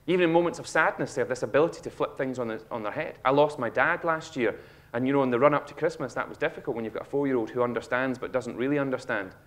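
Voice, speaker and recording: A man in his thirties with a Scottish accent, giving a humorous motivational talk on stage and acting out a child's lines with animated storytelling. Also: medium pitch, fast talker, few pauses. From Scotland. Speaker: speaker. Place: auditorium stage.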